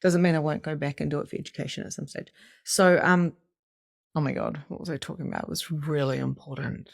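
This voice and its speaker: A middle-aged woman giving an animated, casual motivational talk as a spiritual coach, swearing freely and acting out inner voices. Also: sits low, brisk, gravelly, dry recording, studio quality. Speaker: psychic medium and spiritual coach.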